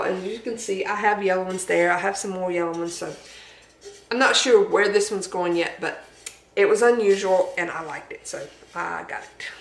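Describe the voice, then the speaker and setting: A woman's voice: medium pitch, reverberant, low-quality recording. A woman with a Southern accent chatting casually at home, showing off her thrift store finds in a homey, talkative way. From Southern United States. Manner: chatty, homey, laughs at herself. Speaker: thrift haul vlogger. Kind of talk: casual show-and-tell chat. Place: home dining room.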